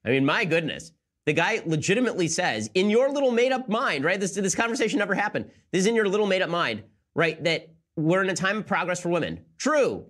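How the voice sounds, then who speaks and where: A man hosting a commentary show, firing off his points at a very quick clip. His voice sits a bit high for a man, and his tone is sarcastic and incredulous. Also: big pitch swings, fairly bright tone. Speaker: political commentary show host. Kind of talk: rapid-fire commentary.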